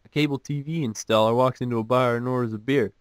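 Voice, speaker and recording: A man reads one joke after another in a relaxed, offhand way, then undercuts each with dry, mocking remarks of his own. His voice sits at an ordinary mid pitch, and the recording is close and dead, with no room sound around him. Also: fast talker, clear, resonant tone, no room sound. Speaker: host reading jokes. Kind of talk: casual joke reading with commentary.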